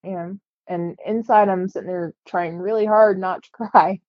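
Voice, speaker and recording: A woman earnestly telling a personal story in a casual, halting way, with frequent fillers. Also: medium pitch, fairly even intonation, dry recording, dull audio.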